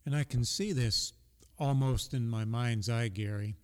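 A man's voice: mid-range voice, a little slow, clean tone, long reverb tail. A man co-hosting a conversational Bible discussion, reading scripture aloud and affirming his partner often. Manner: reads scripture aloud, gives frequent soft affirmations. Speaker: Bible study co-host.

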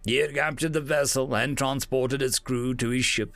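A man narrating science-fiction stories in a scripted, animated storytelling manner. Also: mid-range voice, normal speed, vocal fry, dry recording, soft background music.

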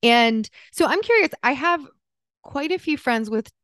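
A woman's voice: high voice, lively intonation, measured pace, a bit bright, dry recording, studio quality. A woman co-hosting a podcast, reading a sponsor message and then chatting casually with many "like"s. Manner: reads sponsor copy smoothly, then chats with many "like"s. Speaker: podcast co-host. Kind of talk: casual podcast chat and ad read.

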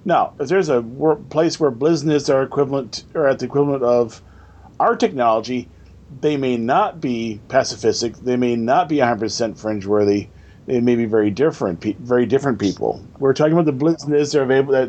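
A man's voice: medium pitch, fairly quick, darkish tone. A man co-hosting a casual roleplaying-game chat, earnestly reminding others of the setting details.

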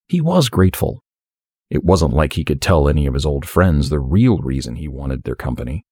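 A man reads a story aloud in a steady, measured audiobook style. His voice is very deep with a husky edge. The recording is dry and close, with no room sound. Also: dry recording. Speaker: narrator. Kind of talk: audiobook narration.

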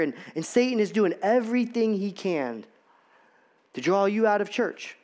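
High-voiced man preaching. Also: animated, normal speed, a little mellow. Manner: conversational, repetitive, rhetorical questions. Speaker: pastor. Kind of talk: sermon.

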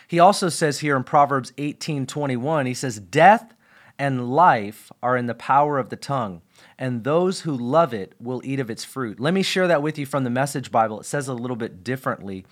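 A middle-aged man teaches as a pastor on his podcast, earnest and emphatic. His voice sits at an ordinary pitch for a man. He repeats the key phrases and sometimes trips over a word and starts again. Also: lively intonation, moderate pace.

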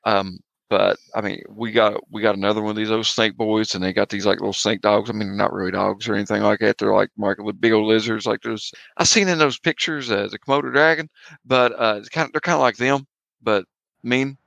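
A man's voice: fairly low pitch, steady tone, fairly quick, creaky, fairly bright tone, dry recording, lo-fi sound. A man playing a tabletop game, rambling loosely as his character. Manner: rambling, drawling. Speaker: player. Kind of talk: tabletop role-play, in character.

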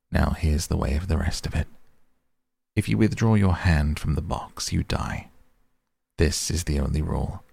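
A man's voice: a bass voice, vocal fry, a little mellow, husky, no room sound, full character voice. A man reading the part of a stern, commanding old woman in an audiobook, with a cold, clipped, imperious manner.

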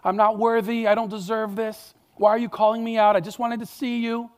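A man's voice: sits high, little pitch movement, a little fast, pitched above the performer's own voice, close to an everyday voice. A man voicing a flustered, ashamed adult male tax collector who stammers out nervous excuses.

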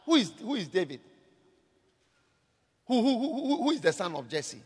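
A man's voice: high voice, very animated, normal speed, breathy edge, heavily acted. A man preaching as he puts on the voice of a scornful, stingy rich man who asks in mocking, incredulous repeats who the other is. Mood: indignant. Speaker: pastor. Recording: echoey hall reverb.

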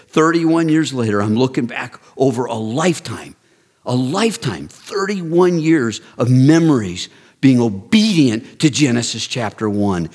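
A man in his sixties giving an earnest, direct ministry talk, building to excited, emphatic storytelling. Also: mid-range voice, breathy edge. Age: 60s. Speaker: men's ministry leader. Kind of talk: personal testimony talk.

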